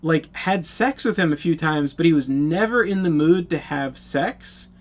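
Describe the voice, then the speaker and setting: Young adult male storyteller, slightly high voice, blunt and profane, incredulous casual monologue. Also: a little slow.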